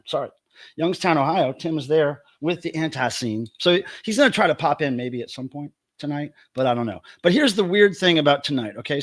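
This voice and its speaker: A man's voice: a little high, no room sound, studio quality. A man hosting a casual livestream from home, playfully greeting viewers one by one. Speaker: livestream host.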